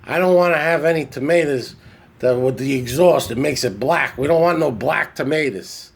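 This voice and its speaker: A man's voice: a little high, normal speed, vocal fry, slightly rough, voice pushed up. A man voicing his fussy, insistent older Italian-American uncle, who keeps repeating himself about his backyard tomatoes.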